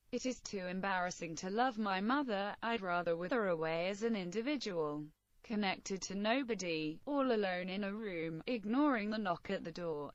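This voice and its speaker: Woman narrator, mid-range pitch, earnest and intense first-person storytelling, dry and slightly muffled recording. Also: no room sound.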